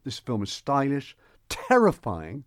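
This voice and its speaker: Brief: male radio film reviewer, lively sing-song delivery, close dry studio sound. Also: mid-range voice, unhurried, dry recording. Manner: enthusiastic, animated, with frequent restarts. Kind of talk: radio chat.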